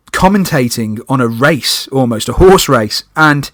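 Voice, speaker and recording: A young man hosting a podcast, telling a personal story in a lively way and acting out panicked moments in loud breathless bursts. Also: medium pitch, measured pace, no echo, studio quality. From United Kingdom. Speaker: podcast host.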